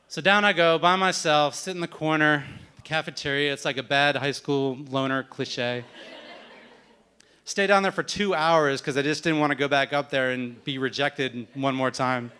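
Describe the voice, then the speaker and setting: A man's voice: on the high side, normal speed, bright, forceful tone, clear, resonant tone. A man telling a wry, self-deprecating story at a live story event.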